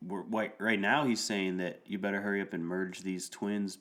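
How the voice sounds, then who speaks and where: A man co-hosting a podcast, recapping a TV episode in a slow, halting way with lots of fillers. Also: deep voice, fairly even intonation, fairly bright tone. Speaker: podcast co-host. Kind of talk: casual chat recapping a TV episode.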